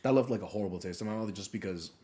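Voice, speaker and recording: A young man co-hosts a podcast, trading stories in relaxed conversation, cursing freely and laughing a lot. His voice is low, mellow and racing.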